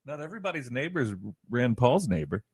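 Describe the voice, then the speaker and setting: A man chimes in from off mic with quick, lively asides. His voice sounds a little distant but dry, and his humor is deadpan and wry. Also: mid-range voice, breathy edge, no room sound. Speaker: show producer. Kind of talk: off-mic studio banter.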